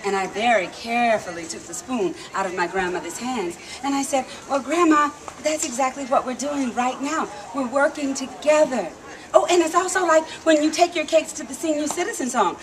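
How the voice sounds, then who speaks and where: High-voiced woman storyteller, lively. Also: normal speed. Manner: lively, coaxing the crowd to call back. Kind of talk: live storytelling to an audience. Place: outdoor theme park stage. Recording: noisy live outdoor recording.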